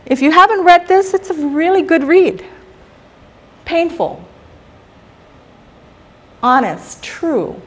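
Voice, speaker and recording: A woman's voice: very high-pitched, expressive, takes it slowly, long pauses. A middle-aged woman from Guam, giving a public talk and telling stories animatedly, often putting questions to the audience. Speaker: guest speaker.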